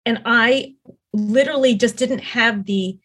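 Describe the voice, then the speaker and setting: Her voice sits on the high side, slightly bright and unhurried. She's a middle-aged podcast guest sharing her story in a casual, sincere, meandering way, full of fillers and false starts.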